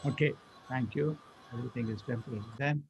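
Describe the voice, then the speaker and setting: A man's voice: mid-range voice, quick pace, vocal fry, background noise. A man teaching a scripture class, chanting Sanskrit verses and explaining them line by line. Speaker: Bhagavad Gita teacher.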